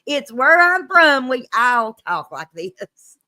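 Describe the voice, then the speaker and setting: A woman's voice: sits high, very animated, slow pace, pushed and bright, slight background noise. A woman from Kentucky with a Kentucky accent, hosting a casual live-stream chat and trading folksy Southern sayings with a laugh. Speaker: host.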